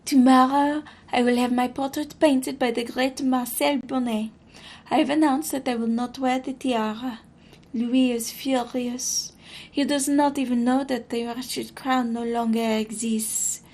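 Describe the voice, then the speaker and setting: A woman voicing a proud, troubled French queen reading from her journal, with a put-on French accent and a dramatic, measured delivery. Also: sits high, steady tone, darkish tone. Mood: regal, grave.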